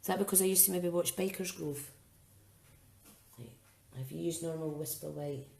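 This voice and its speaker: A craft demonstrator walks viewers through a card-making project on a live stream, chatting and thinking out loud. She has a low, dark voice with vocal fry and talks at a normal speed.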